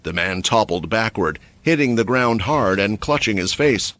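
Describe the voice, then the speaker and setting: Expressive male fantasy story narrator. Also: lowish voice, moderate pace, no room sound. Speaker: recap narrator.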